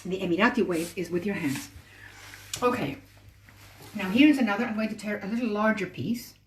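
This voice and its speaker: A woman's voice: mid-range voice, fairly quick, slight background noise. A woman hosting a live cooking demonstration. She explains patiently and talks as she works with her hands. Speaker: cooking show host. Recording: roomy, distant mic with faint ambience.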